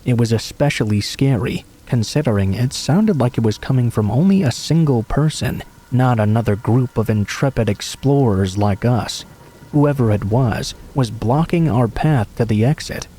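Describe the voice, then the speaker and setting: A man narrating true scary stories in a steady, measured storytelling voice. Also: mid-range voice.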